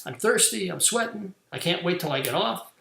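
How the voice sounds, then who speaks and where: A man's voice: sits high, lively intonation, normal speed, creaky, bright, forceful tone, full character voice. A man voicing a tired, irritated bricklayer who complains about the heat, told in a story. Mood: annoyed. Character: weary grumbling male bricklayer in the heat. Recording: roomy echo.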